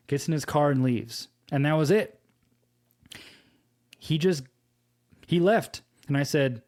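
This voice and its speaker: Slow, earnest male preacher. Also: mid-range voice, darkish tone. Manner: slow, earnest storytelling with scripture quotes. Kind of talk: devotional teaching with personal story.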